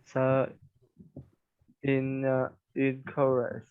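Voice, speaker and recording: A man student reading English words and sentences aloud haltingly, with many fillers, over a call. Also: mid-range voice, monotone, smooth. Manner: hesitant, reads word by word with fillers. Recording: tinny phone-like call audio.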